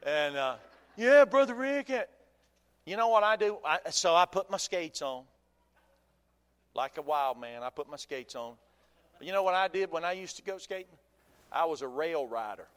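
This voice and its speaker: A folksy male pastor preaching with a high, bright voice. He keeps the sermon animated with humor and questions to the congregation. His voice rings out with a long hall reverb, as in a church sanctuary. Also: moderate pace, long pauses, clear, resonant tone.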